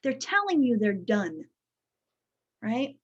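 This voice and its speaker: High-voiced woman teaching a workshop on a video call, lively, keeps saying right?, kinda muffled audio. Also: takes it slowly, a little hiss or hum. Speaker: workshop presenter.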